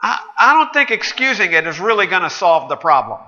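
A man's voice: high voice, very animated, fairly quick, few pauses, pushed and bright, a little hiss or hum. A man preaching a sermon in a conversational, wry and sardonic way. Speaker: pastor. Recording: dull echoey hall recording.

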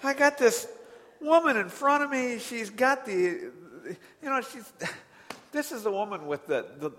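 Animated male preacher in a reverberant hall. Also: extremely high pitch, measured pace, slight background noise. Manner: animated storyteller, swings from quiet to loud exasperation. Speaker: pastor. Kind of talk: sermon with personal story.

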